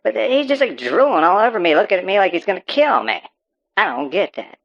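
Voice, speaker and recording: A sing-song, medium-pitched voice moving a little fast delivers a performer's take on a paranoid rural farmer. Interviewed on a call-in show, he rants about super pigs with profanity, stammering, and rambling, all on dull, muffled audio.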